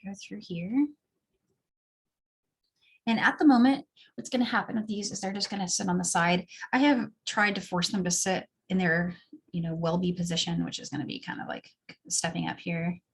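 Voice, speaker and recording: A craft instructor with a fairly low, husky voice teaches a beadweaving class at a normal speed. Relaxed and chatty, she explains each step casually as she works through the tutorial.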